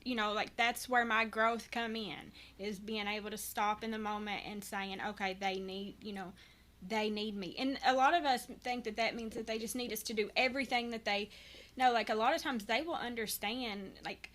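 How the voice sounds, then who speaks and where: A woman in her thirties speaks as a podcast guest. Her voice sits a little high and sounds bright and forceful. She talks earnestly and rambles through restarts. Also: steady tone, moderate pace. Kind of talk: candid personal conversation.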